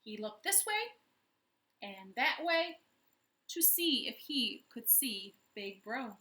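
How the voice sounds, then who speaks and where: Storytime librarian woman, slightly high, bright, unhurried and expressive. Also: roomy sound. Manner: gentle, expressive, playful. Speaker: children's librarian. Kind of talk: storytime read-aloud. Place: living room at home.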